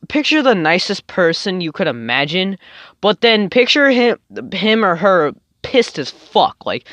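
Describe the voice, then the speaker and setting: A man's voice: high voice, sharp tone, no room sound. Rambling young man telling a story. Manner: rambling, filler-heavy, swears often. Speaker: storytime vlogger. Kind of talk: casual storytelling. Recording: dull lo-fi dry sound.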